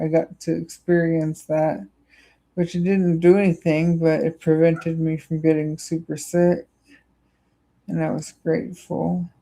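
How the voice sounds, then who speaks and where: A young adult streamer drawls through a casual chat with viewers, the voice gravelly with fry. The delivery stays flat and monotone, full of halting "like" and "uh" fillers, with a tired, low-energy feel. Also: low-quality recording. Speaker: livestreamer answering chat.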